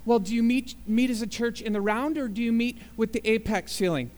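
A man doing a frantic high-pitched stranger. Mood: excited. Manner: rapid, pleading, increasingly excited questions. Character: frantic eager man questioning a stranger on a bridge. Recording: long reverb in a large hall.

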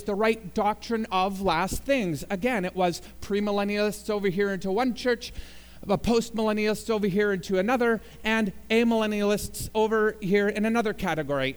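A man's voice: sits high, smooth. A man preaching a sermon as pastor, telling jokes and building to emphatic appeals in a church sanctuary. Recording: long reverb in a large hall.

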